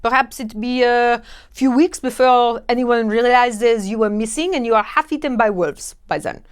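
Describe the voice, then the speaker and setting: A woman's voice: a little high, normal speed, clear, resonant tone, close to an everyday voice. A woman putting on a French accent to voice a condescending, mock-gloomy stranger. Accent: French, put on. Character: snooty mocking French stranger.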